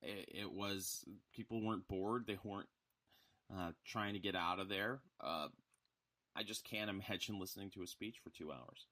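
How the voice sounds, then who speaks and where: A man co-hosting a podcast, talking haltingly with fillers in casual political chat. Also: sits low, sharp tone. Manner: halting, with many fillers and chuckles. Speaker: podcast co-host.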